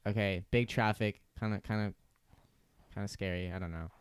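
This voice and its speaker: A teenage boy telling a story in a halting, deadpan way. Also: fairly low pitch, smooth, dry recording. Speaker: podcast co-host. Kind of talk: casual storytelling.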